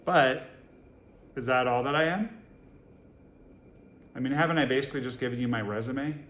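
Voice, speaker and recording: Speaking at a normal speed in a medium-pitched, slightly bright voice, a Boston Zen teacher gives a dharma talk to a live audience in a meditation hall. He keeps it casual and jokey, with lots of rhetorical questions. It's recorded in an echoey room with faint ambience.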